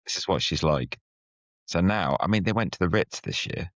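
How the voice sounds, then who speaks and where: A man's voice: sits low, animated, normal speed, no echo. A man hosting a podcast, chatting in teasing, chummy banter. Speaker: podcast host. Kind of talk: casual chat. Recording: slightly muffled, dry sound.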